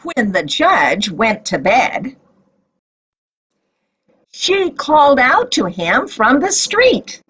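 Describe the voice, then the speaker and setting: Slow, lively woman telling Bible stories. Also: high-pitched, slightly rough, low-quality recording. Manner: expressive, lively storyteller. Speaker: Bible story teacher. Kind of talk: slow storytelling for children.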